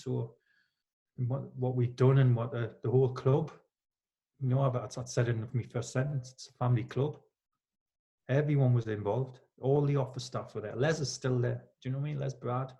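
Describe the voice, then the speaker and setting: A man's voice: mid-range voice, steady tone, normal speed, creaky, warm tone. Geordie man telling football stories. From Newcastle, England. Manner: storytelling, acts out quoted lines with laughs. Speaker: former footballer, guest. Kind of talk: relaxed anecdotal chat.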